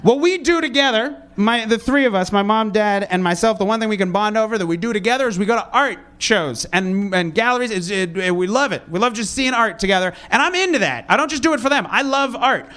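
A young man doing a stand-up comedy set, rambling and sarcastic, with deadpan asides and sudden loud outbursts. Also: very high voice, quick pace, hardly any pauses. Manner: sarcastic, rambling, self-deprecating.

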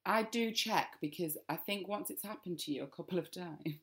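A woman's voice: fairly low pitch, normal speed, a bit bright. A young woman with a Northern English accent, co-hosting a chatty podcast and laughing often. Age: young adult. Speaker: podcast co-host. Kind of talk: casual chat.

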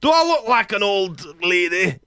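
High-voiced, playful male podcast host. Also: big pitch swings, fairly bright tone. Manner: playful, quick to laugh. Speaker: podcast host running an improv game. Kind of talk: improv comedy game.

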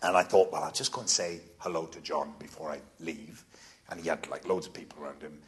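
A man's voice: rumbling low, a little fast. A man with a Welsh accent, a podcast guest, telling self-mocking anecdotes in casual chat and acting out the quotes. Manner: animated storyteller, self-mocking, acts out quotes. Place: live comedy podcast venue.

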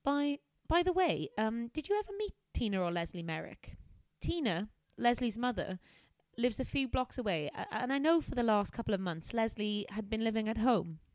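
A woman voicing a brisk woman private investigator in a comic reading of a detective novel. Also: on the high side, very animated, a little mellow, dry recording, clean studio sound. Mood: inquisitive.

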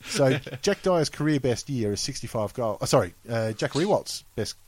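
A man's voice: medium pitch, lively intonation, moderate pace, poor audio. An Australian man hosting a casual podcast quiz, reading questions with plenty of fillers and laughing often. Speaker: quiz host.

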